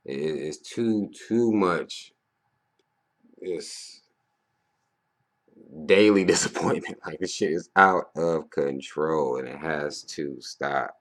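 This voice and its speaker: A man in his thirties with an extremely low, gravelly voice talks through a loose, profane monologue. He rambles and then bursts out loudly. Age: 30s. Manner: profane and rambling, with loud animated outbursts. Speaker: vlogger. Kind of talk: casual monologue.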